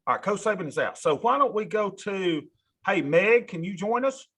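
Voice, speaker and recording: Animated man lecturing a class. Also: high-pitched, normal speed, slightly rough. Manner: animated, talks to students directly, folksy asides. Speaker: college instructor.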